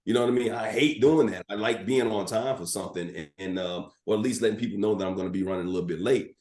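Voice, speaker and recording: A middle-aged man, a sports broadcaster guesting on a podcast, telling animated anecdotes with plenty of filler words. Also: on the low side, fast talker. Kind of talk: storytelling in a podcast interview. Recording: roomy echo.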